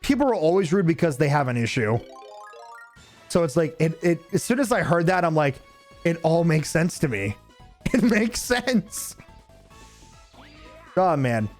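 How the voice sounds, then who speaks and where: A man's voice: fairly high pitch, brisk, soft background music. A man streaming a game, telling stories with heavy swearing and frequent laughter. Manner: profane, laughing, animated venting. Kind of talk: casual gameplay commentary with storytelling.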